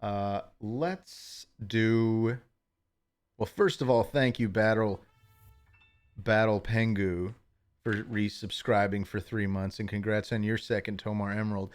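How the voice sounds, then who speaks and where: A man's voice: fairly low pitch, fairly even intonation, slow, smooth. A man hosting a live stream, chatting casually with viewers in a rambling, self-deprecating way.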